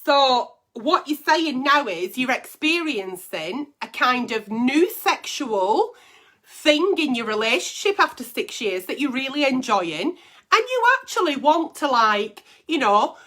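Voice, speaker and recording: A woman's voice: high-pitched, lively intonation, measured pace, sharp tone. A middle-aged woman hosting a casual advice stream, blunt and profane as she reads and answers letters. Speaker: advice show host.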